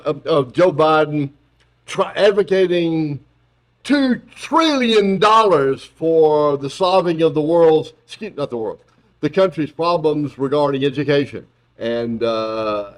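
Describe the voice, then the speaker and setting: A male philosophy professor lecturing to an audience in an auditorium, with a slightly high voice and a lively, swinging pitch. He talks in an animated, joking way, often restarting his sentences mid-thought. The tone is that of an informal public talk.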